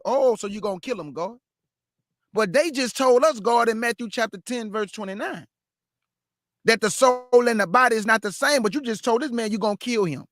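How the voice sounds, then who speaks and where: A man teaching the Bible, reading verses aloud and breaking off to question them with drawn-out emphasis. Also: very high-pitched, animated, fairly bright tone, dry recording, studio quality. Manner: reads verse then stops to question it aloud. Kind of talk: street-style scripture teaching.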